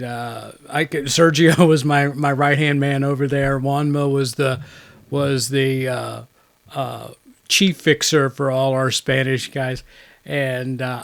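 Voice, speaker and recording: A man's voice: mid-range voice, gravelly, fairly bright tone. A man co-hosting a podcast in casual chat, a rambling storyteller who laughs often. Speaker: podcast co-host.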